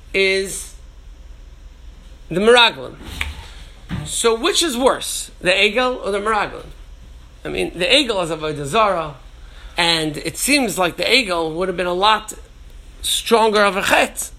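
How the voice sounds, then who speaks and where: A man lectures through a Torah class in a high, bright voice. He thinks out loud, restarting and repeating words as he goes, and mixes Hebrew and Yiddish terms into his English. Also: slight background noise. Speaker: Torah teacher.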